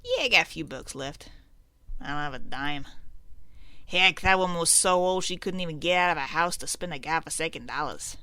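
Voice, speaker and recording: A woman voicing a brash male 1920s gangster with a put-on mobster accent, loud and slangy. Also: deep voice, lively intonation, normal speed, no room sound. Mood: rowdy.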